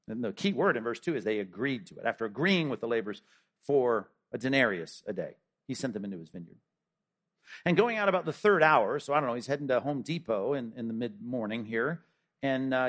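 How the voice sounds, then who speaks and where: A middle-aged man preaching a sermon, retelling a parable with casual asides and acted-out voices. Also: mid-range voice. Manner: animated storytelling, acting out voices of the parable. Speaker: pastor.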